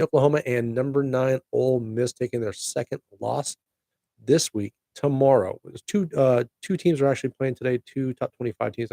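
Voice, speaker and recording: A man's voice: mid-range voice, vocal fry, dark tone, no echo. A middle-aged man hosting his own podcast, chatty and upbeat with jokey asides. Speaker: podcast host. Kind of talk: casual solo podcast chat.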